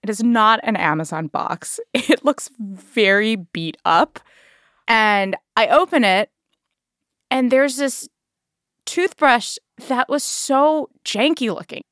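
A woman telling a story to podcast hosts in a casual, animated way, laughing as she goes and acting out what people said. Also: a little high, takes it slowly, no room sound, clean studio sound. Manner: animated, laughs while telling, acts out quotes.

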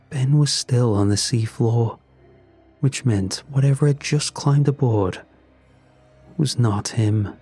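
A man narrating a first-person horror story in a measured, grim way. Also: medium pitch, a little mellow, slightly rough.

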